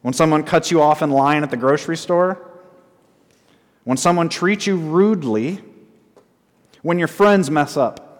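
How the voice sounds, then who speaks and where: A man preaching a sermon as pastor, often asking the congregation questions and repeating short phrases slowly for emphasis. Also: fairly high pitch, in a large hall. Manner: asks the congregation frequent call-and-response questions.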